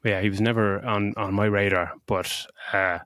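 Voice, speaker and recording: A man's voice: on the low side, normal speed, no room sound, studio quality. Effusive, swearing man. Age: middle-aged. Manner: effusive, swears freely, animated retelling. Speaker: podcast co-host. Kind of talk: casual movie review chat.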